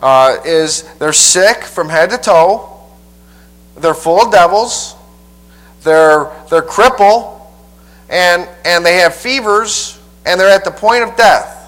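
A man preacher teaching a Bible passage verse by verse in a folksy, halting way, often repeating his words. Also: sits high, animated, a bit bright, rough recording.

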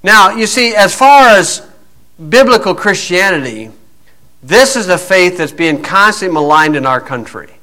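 A man's voice: high-pitched, lively intonation, a little slow, sharp tone, low-quality recording. A man preaching a blunt monologue in a combative, scornful, folksy way, full of fillers.

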